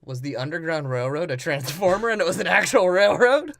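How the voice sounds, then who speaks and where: A man's voice: on the high side, fairly quick, creaky, fairly bright tone, a little hiss or hum. A man co-hosting a podcast who laughs often and jokes, acting out movie lines in silly voices. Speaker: podcast co-host. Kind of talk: casual movie-review chat.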